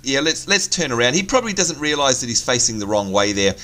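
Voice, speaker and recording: A man's voice: medium pitch, sing-song, fast, bright, forceful tone. An Australian man co-hosting a game video, chatting enthusiastically and exclaiming as guests show up. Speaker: co-host of a game channel. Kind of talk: casual gameplay chat.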